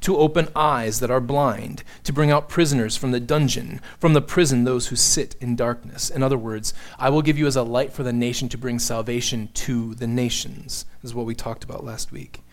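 A man's voice: medium pitch, fairly even intonation, normal speed, hardly any pauses. A man preaching an expository sermon, teaching earnestly and building emphasis on key points. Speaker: pastor.

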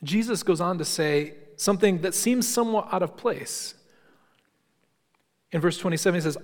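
Emphatic preacher in a reverberant hall. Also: male voice, sits high, normal speed. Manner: emphatic, repeating phrases for stress. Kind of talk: sermon.

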